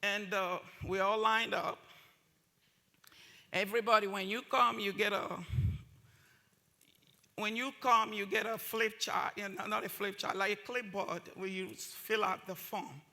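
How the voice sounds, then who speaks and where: A woman's voice: mid-range voice, fairly even intonation, measured pace, long pauses, bright, forceful tone. A woman giving an impassioned talk at a summit, driving points home by repeating phrases. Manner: emphatic, repeats phrases for force. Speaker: summit speaker.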